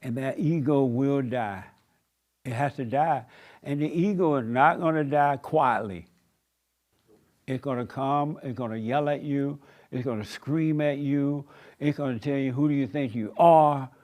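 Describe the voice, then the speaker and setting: A man's voice: medium pitch, a little slow, a little mellow. A man preaching a sermon in an emphatic, repetitive cadence with folksy turns of phrase. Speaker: pastor.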